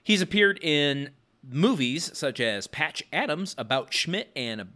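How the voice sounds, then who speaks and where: A man hosting a podcast in casual chat, wry and quick to laugh, running a trivia game. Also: on the high side, big pitch swings, pushed and bright. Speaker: podcast host.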